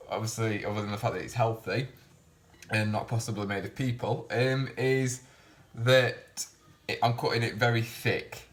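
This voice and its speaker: A man's voice: mid-range voice, a bit bright. Chatty man cooking at home. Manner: chatty, rambling, self-deprecating. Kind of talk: casual cooking commentary. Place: home kitchen.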